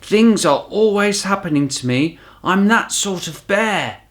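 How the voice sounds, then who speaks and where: A man voicing a polite, earnest young bear who speaks softly and hesitantly in a storybook reading. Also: high-pitched, lively intonation, measured pace, pitched above the performer's own voice.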